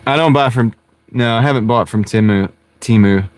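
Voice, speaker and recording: A man with a medium-pitched voice, talking at a normal speed, hosts a casual live stream from inside his car. He rambles and jokes with his viewers, often laughing, while wearing a wireless clip-on mic.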